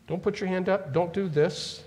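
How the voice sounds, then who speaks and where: A male pastor preaching a sermon to his church, animated, acting out the words of the people in his story. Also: high voice, moderate pace. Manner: animated preaching, acts out Bible figures' words. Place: church sanctuary. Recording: church hall reverb.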